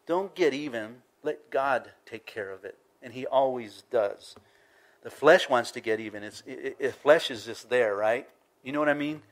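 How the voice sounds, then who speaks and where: A middle-aged man preaching a verse-by-verse sermon in a conversational way, acting out little scenes and dropping from emphatic to hushed. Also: medium pitch, moderate pace. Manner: conversational, acts out little scenes in varied voices, swings from loud to hushed. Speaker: pastor. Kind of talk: expository sermon.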